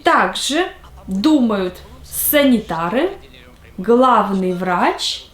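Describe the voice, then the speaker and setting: A woman teaching a language lesson, saying each example word slowly and carefully. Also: medium pitch, lively intonation, roomy sound. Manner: slow careful enunciation of example words.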